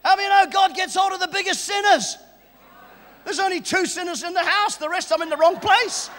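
A man preaching a sermon at a church service, exuberant and shouting and joking with the congregation. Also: extremely high pitch, a little fast, big-room sound.

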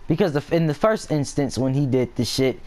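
A man's voice: mid-range voice, lively intonation, fairly quick, darkish tone. A young man chatting casually and profanely while playing a video game, rambling between stories and asides. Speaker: gameplay vlogger. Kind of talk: casual gaming commentary.

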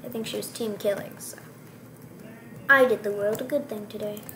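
A young female gamer giving playful, joking commentary while she plays, with sudden excited outbursts. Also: medium pitch, moderate pace, slight background noise. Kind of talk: casual gameplay commentary.

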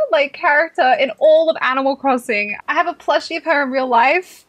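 A young Australian woman chatting over a game as a streamer, excitable, swearing freely and laughing often. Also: sits high, normal speed, hardly any pauses. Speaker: gaming streamer. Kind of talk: casual game commentary.

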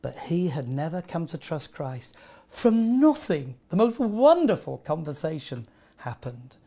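A man's voice: a little high, a little slow, gravelly. Earnest male preacher. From northern England. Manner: earnest, storytelling with lively asides. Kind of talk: sermon.

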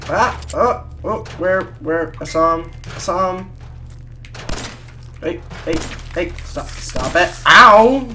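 A let's-play gamer talks over the game at an unhurried, drawn-out pace in a mid-pitched voice. The chatter is crude and joking, full of swearing and sudden loud laughter. Faint game music plays underneath. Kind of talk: casual gameplay commentary.

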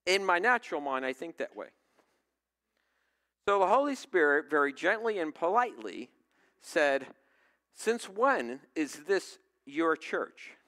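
A man's voice: a little high, bright, forceful tone. A male pastor preaching a sermon, telling a personal story in a conversational way and putting questions to the congregation.

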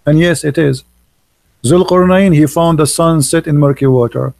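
A man hosts a live stream and preaches with emphatic scorn, repeating his points in non-native English phrasing. His voice is gravelly and dark. The sound is close and dry. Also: fairly high pitch, moderate pace, no room sound. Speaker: livestream host.

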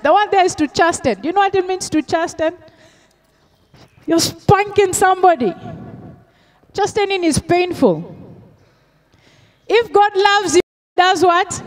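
A middle-aged woman pastor, preaching a sermon with call-and-response questions and Swahili phrases mixed in. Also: very high-pitched.

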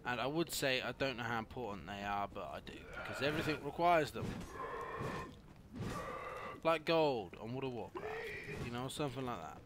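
A young man doing let's play commentary, swearing a lot and often breaking into angry yells. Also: medium pitch, lively intonation, normal speed, long pauses, background noise. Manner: swearing, frequent angry yelling outbursts. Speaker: gaming youtuber.

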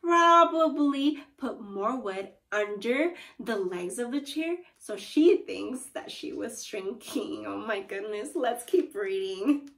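A woman teacher reading a story aloud to young students and encouraging them as she goes. Her voice sits fairly high and she speaks at a slow, careful pace. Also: lively intonation, fairly bright tone. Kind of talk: read-aloud lesson.

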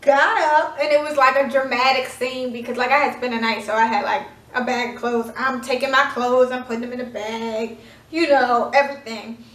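High-voiced woman telling a story in an echoey room. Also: steady tone, moderate pace, fairly bright tone, distant mic. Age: 20s. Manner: dramatic, chatty retelling with many fillers. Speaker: vlogger. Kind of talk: casual storytime chat.

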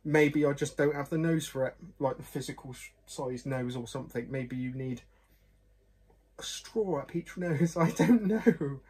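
Husky chatty man. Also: mid-range voice, steady tone, normal speed, darkish tone. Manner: chatty, self-deprecating, rambling with frequent apologies. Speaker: whisky reviewer. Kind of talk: casual chat to camera.

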